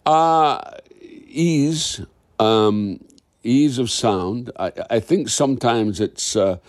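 A man's voice: mid-range voice, very slow. An older man with a Scottish accent, a guest in an interview, telling stories animatedly and often restarting his sentences. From Scotland. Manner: animated, acts out quoted dialogue, restarts mid-sentence. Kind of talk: conversational interview storytelling.

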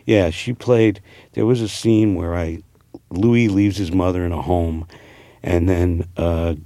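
A man's voice: sits low, steady tone, takes it slowly, warm tone, no room sound. A man from New Jersey with a New Jersey accent, an actor talking casually in an interview, rambling with many fillers and restarts. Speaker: actor guest.

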